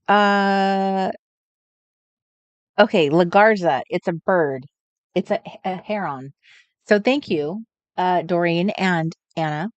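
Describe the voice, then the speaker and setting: A woman hosting a live crafting stream, chatting casually, thinking out loud and greeting viewers by name. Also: fairly low pitch, slow, pauses often, no echo, lo-fi sound. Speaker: crafting livestream host. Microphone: desk setup with overhead camera.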